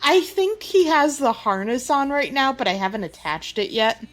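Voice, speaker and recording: A woman's voice: high-pitched, sing-song, normal speed, faint music behind. A woman playing a tabletop role-playing game, firm with her dragon companion. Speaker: player. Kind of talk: casual play chat.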